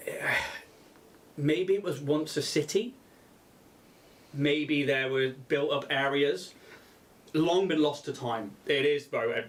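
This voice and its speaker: Male game master, loose and giggly, rambling delivery, slightly higher register. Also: fairly bright tone. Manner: rambling, laughs often. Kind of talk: narrating a tabletop game.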